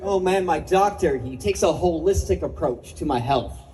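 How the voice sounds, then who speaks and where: A man's voice: fairly high pitch, animated, moderate pace, dark tone, slight background noise, low-quality recording. A young man doing a stand-up comedy set at an open mic, self-mocking and swearing, laughing at his own jokes.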